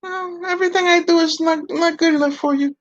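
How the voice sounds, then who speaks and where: A man's voice: extremely high pitch, steady tone, brisk, fairly bright tone, pitched above the performer's own voice. A man voicing a whiny, melodramatic young girl puppet who wails and complains, on a dull, dry lo-fi recording. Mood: sassy.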